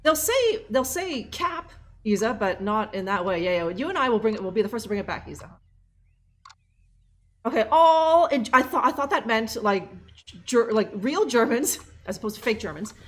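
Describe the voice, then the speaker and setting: A woman's voice: fairly high pitch, lively intonation, fairly quick. A woman streamer chatting and joking while playing a game live, reading subtitles aloud. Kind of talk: casual live game commentary.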